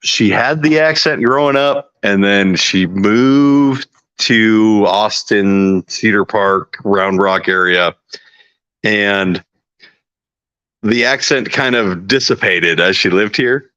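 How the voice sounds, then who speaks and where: A man's voice: fairly low pitch, takes it slowly, fairly bright tone, smooth, no room sound. A man from Texas chatting casually on a livestream, laid-back, laughing easily and swearing freely. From Texas, USA. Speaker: podcast guest. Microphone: video call. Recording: dull, lo-fi stream audio.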